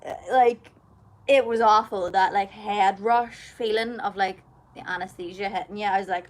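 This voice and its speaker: A woman's voice: mid-range voice, fairly even intonation, moderate pace. A young woman chatting casually on a livestream, telling stories in a chatty, giggly way. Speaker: singer and livestream host.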